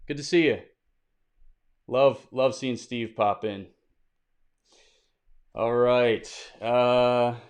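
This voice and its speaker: A man's voice: medium pitch, clear, resonant tone. A man hosting a weekly livestream Q&A, reading viewer questions aloud and answering off the cuff in an upbeat, conversational way. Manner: upbeat greeting viewers by name. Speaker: host of a weekly crypto livestream. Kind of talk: casual livestream Q&A.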